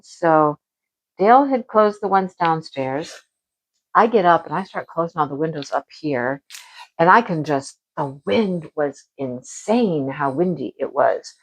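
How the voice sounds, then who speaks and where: A woman chatting casually at home as a crafting vlogger, animated and talkative, acting out her own past remarks. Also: deep voice, rough recording. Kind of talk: casual chat about crafts and home life.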